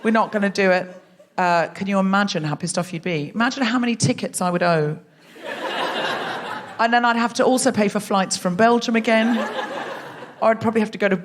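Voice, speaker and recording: A woman hosting a live comedy podcast on a theatre stage, chatty and self-mocking, teasing the audience. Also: fairly high pitch. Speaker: podcast host.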